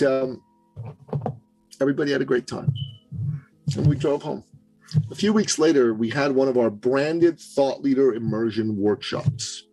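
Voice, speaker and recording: A man's voice: mid-range voice, creaky, dark tone, low-quality recording. A man guest on an interview podcast, telling a personal story in an earnest, conversational way with small asides. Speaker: podcast guest, business coach.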